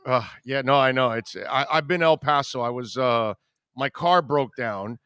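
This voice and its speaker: A man's voice: medium pitch, normal speed, clear, resonant tone, no room sound. Man hosting a talk radio show. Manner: rambling, animated anecdote telling. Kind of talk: casual on-air storytelling.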